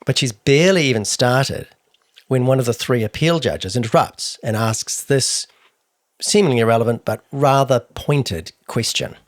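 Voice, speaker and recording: A man's voice: mid-range voice, normal speed, no room sound. A man with a New Zealand accent co-hosting a true crime podcast, telling the story with dry, wry asides. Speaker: podcast co-host.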